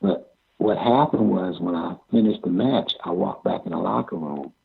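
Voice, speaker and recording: Older man, gravelly and husky, tinny sound. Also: deep voice. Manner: halting, repeats words, chuckles often. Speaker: amateur pro wrestler. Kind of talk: interview storytelling.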